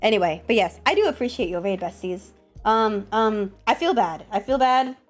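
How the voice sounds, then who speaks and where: A woman streamer with a cold, chatting casually and excitably with her chat, swearing and scolding them playfully. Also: mid-range voice, normal speed, faint music behind. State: has a cold, coughing.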